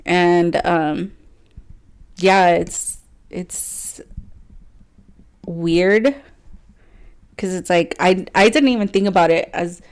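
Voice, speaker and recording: A woman's voice: on the low side, very slow, long pauses, darkish tone, clear, resonant tone. Rambling young woman podcast co-host. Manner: rambling, laughs often, many "like" fillers. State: teary at moments. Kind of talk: casual chat.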